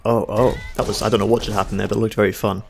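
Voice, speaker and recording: A young man with a playful, quick-witted manner, chatting alongside someone playing a game. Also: lowish voice, flat delivery, creaky, faint music behind. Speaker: games video co-host. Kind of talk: casual let's-play commentary.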